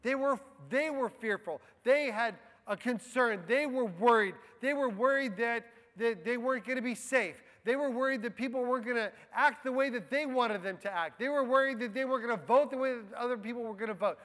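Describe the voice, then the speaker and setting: A man preaching a sermon as a pastor, slow and deliberate, letting key phrases fall soft and quiet. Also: extremely high pitch. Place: church. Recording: long hall reverb.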